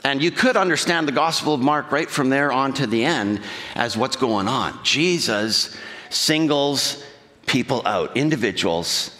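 A man's voice: mid-range voice, lively intonation, unhurried, pushed and bright. A male pastor preaching a sermon in a church, talking conversationally and putting questions to the congregation. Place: church sanctuary. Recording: long hall reverb.

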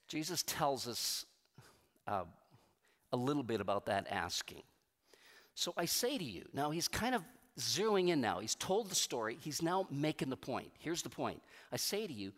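A middle-aged male pastor preaching with a lively, fairly high voice that leaps up and drops low. He talks to the congregation in a conversational way, and his words ring out with a long hall reverb. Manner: animated, conversational preaching with strong swings in pitch and loudness. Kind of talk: sermon.

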